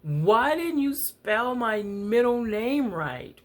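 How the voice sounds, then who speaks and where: A tearful, indignant little girl whose voice jumps up high and pleads through her crying, as a woman recalls her younger self. Her tone is worried and insistent. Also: sing-song, slow pace, heavily acted. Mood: upset.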